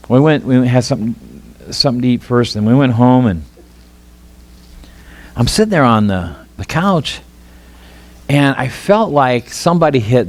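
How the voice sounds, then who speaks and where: A middle-aged man with a Midwestern American accent, preaching a sermon in an animated, rambling way with many restarts. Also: mid-range voice. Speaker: pastor.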